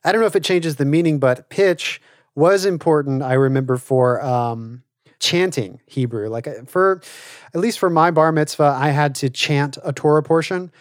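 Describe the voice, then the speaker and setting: A man with a somewhat high voice talks in a relaxed conversation. He hesitates often and restarts his sentences. The sound is dry and close. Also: normal speed, no echo. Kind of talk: casual conversation.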